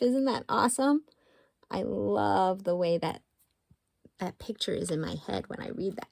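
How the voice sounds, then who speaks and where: A woman in her thirties teaching young children and reading a picture book aloud, sing-song and animated, with quiet asides. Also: on the high side, normal speed, gravelly.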